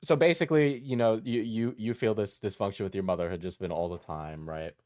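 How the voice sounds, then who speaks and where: A man hosting a talk show, asking his guests questions in a halting, repetitive way. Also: lowish voice, fairly even intonation, darkish tone. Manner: hesitant, repeats words, halting. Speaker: show host. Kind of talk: interviewing guests.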